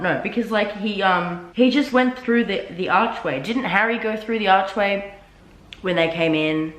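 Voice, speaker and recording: A young woman reacting to a book she is reading, animated and exasperated, swearing freely as she talks. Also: medium pitch, normal speed. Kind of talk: casual reading-reaction vlog. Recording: roomy echoey room.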